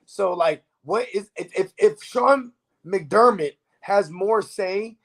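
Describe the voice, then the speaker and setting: High-voiced man in loose sports banter. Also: slow. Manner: loose, profane, keeps asking "you know what I mean". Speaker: fantasy football podcast co-host. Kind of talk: casual live-stream sports chat.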